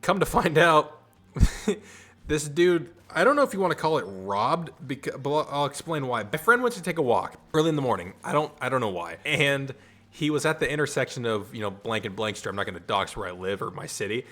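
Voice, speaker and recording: A man's voice: mid-range voice, lively intonation, brisk, bright, forceful tone. A young man casually telling a rambling personal story to camera, swearing and laughing along the way. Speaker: storytime vlogger.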